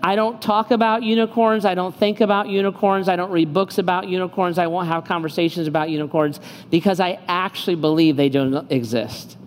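A man's voice: high-pitched, fairly even intonation, fairly quick, hardly any pauses. A male pastor delivers a sermon in a loose, joking, conversational manner, weaving in personal stories. His voice rings with long reverb in a large church space. Faint ambient noise sits underneath. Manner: conversational and joking, with rhetorical questions.

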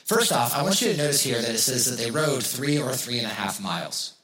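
A man's voice: medium pitch, expressive, brisk, pushed and bright. A man preaching a sermon as pastor, talking casually to his congregation, asking rhetorical questions and repeating key phrases for emphasis. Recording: roomy echo.

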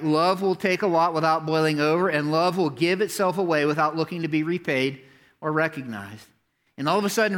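A middle-aged man preaching a sermon to his church congregation, animated and talking straight to the room, at times rising to near-shouts. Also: on the high side. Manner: talks directly to the congregation, asks for hands and notes. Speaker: pastor. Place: church sanctuary before a congregation.

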